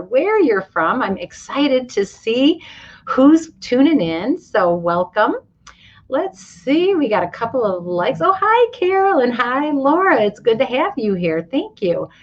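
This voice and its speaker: A woman's voice: mid-range voice, muffled recording. A woman hosting a motivational livestream, talking straight to her viewers and greeting them by name with lots of enthusiasm. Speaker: livestream host. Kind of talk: upbeat motivational livestream talk. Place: hotel or travel location, indoors.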